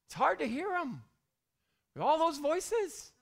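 A middle-aged man preaching a sermon, animated, dropping to hushed whispers and rising to loud bursts. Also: very high-pitched, slow pace, creaky. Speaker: pastor.

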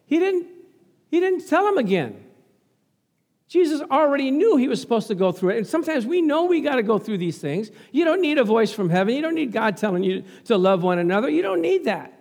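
A man's voice: extremely high pitch, a little fast, gravelly. A man preaching a sermon in a church, laughing often and calling out to the congregation. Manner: laughing, animated, talks back to the congregation. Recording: long church reverb.

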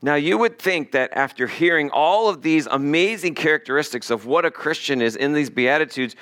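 A pastor preaching a sermon in a conversational, animated way, with asides to the congregation. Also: male voice, on the high side, normal speed, few pauses.

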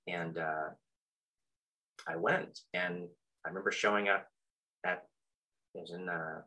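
A middle-aged man telling a personal story in a halting, reflective way, full of fillers and restarts, with soft self-deprecating chuckles. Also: low voice, steady tone, low-quality recording. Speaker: practitioner sharing his story.

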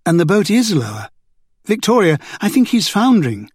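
In an audiobook, a man voices an anxious, watchful young woman, sounding worried. He pitches his voice high, above his own natural range, with big swings, a breathy edge, and normal speed, in a heavily acted style. The recording is dry and studio-clean.

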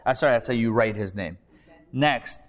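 Guy teaching a reading class live, says each word slow and again, chatty asides. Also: medium pitch, crowd noise. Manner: patient, repeats words slowly, casual asides.

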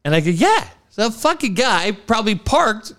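Late-40s man from San Diego, animated storyteller who swears freely and acts out the voices, somewhat high and lively in pitch. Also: normal speed. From San Diego area, California. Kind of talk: casual chat.

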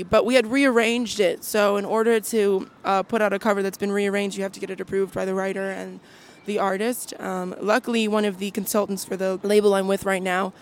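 Chatty young woman singer guest. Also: mid-range voice. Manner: chatty, full of fillers and restarts. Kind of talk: casual chat.

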